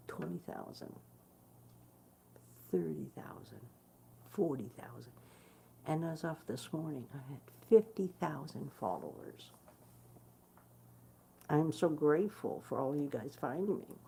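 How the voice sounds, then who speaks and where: A woman with a low, mellow voice chats straight to her online followers in a loose, unscripted way. She is blunt and swears freely, stumbling through fillers and restarts. Faint noise hums under the recording. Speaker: guitarist hosting her own stream. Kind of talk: casual direct-to-camera chat.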